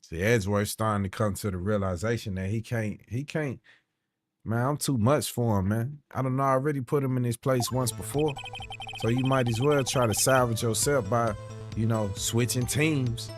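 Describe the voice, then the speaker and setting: A man's voice: mid-range voice, moderate pace, soft background music. A man reading all the characters of a courtroom game aloud in his own voice, with playful asides and casual commentary. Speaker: gaming YouTuber.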